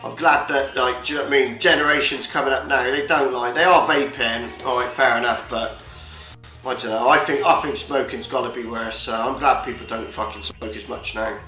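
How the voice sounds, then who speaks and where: A man's voice: mid-range voice, steady tone, fairly quick, sharp tone. A man chatting casually on a livestream, swearing often and rambling from point to point. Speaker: livestream host. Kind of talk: casual chat. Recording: roomy echo, faint music behind.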